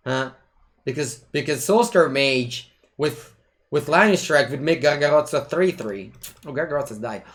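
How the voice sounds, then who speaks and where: A man with an expressive, slightly bright mid-range voice speaks at normal speed as he plays a digital card game. His commentary is casual and playful, and he breaks away to chat with his cat.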